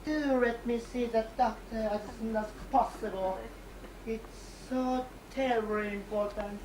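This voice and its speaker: A woman's voice: a little high, fairly even intonation, measured pace, a little mellow, close to an everyday voice. A woman playing a giggly, fussy lady patient. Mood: flustered. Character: flustered female patient with an odd name, pushy. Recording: echoey hall, far mic, audience noise.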